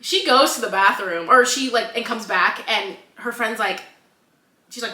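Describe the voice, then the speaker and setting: A young woman with a bright, fairly high voice co-hosts a casual book chat. She retells the story animatedly and slips into the characters' voices. The room has a noticeable echo. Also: expressive, moderate pace. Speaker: podcast co-host.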